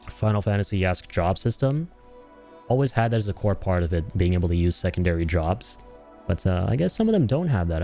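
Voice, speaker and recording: A young adult man with a fairly low voice gives casual commentary while he plays. He is animated and jokey and swears freely, with faint music in the background. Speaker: streamer.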